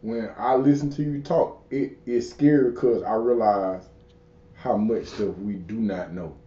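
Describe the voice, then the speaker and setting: A man's voice: fairly low pitch, a little slow, warm tone, echoey room, dull audio. A man hosting an interview, laid-back and slangy, often affirming his guest. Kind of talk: casual interview chat.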